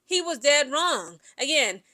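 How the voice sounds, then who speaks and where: A woman with a high, bright, sharp voice talks through sports gossip in a casual vlog. She is opinionated and emphatic, speaks straight to her viewers, and keeps checking in with "okay?". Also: sing-song, measured pace. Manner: chatty, keeps asking "okay?" and addresses viewers directly. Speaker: sports commentary vlogger.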